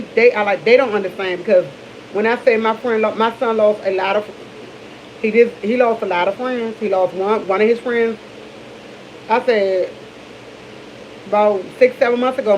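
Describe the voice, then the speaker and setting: A woman's voice: mid-range voice, slight background noise, rough recording. Middle-aged D.C. woman chatting candidly. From Washington, D.C. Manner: candid, rambling, with many restarts. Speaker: vlogger. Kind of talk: casual morning chat to camera.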